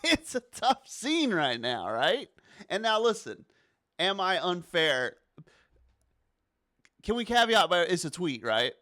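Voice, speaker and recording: Animated man with a dry close sound. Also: high voice, takes it slowly, long pauses, no room sound. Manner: animated, exasperated, rising to near-shouts. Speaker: sports podcast host. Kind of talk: casual sports talk.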